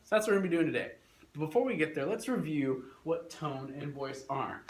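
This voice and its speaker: A young man teaching a classroom lesson, energetic and coaxing, repeating his instructions. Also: a little high, brisk. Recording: echoey classroom with faint noise.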